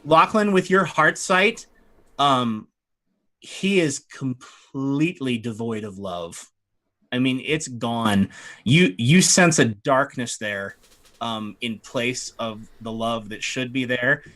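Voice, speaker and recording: A man's voice: mid-range voice, fairly bright tone. A man running a tabletop game as game master, narrating and laughing often. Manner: laughs often, quick asides.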